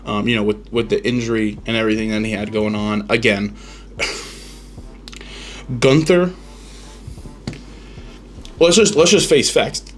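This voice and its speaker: A man's voice: fairly low pitch, slow, pauses often, soft background music. A man hosting a podcast, giving rambling, opinionated reactions in casual chat, full of ums and restarts. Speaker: podcast host.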